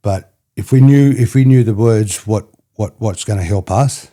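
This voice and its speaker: As a guest on a podcast, this man from New South Wales, Australia, rambles through stories, repeating himself and often asking "you know what I mean". His voice is on the low side with a dark tone and moderate pace.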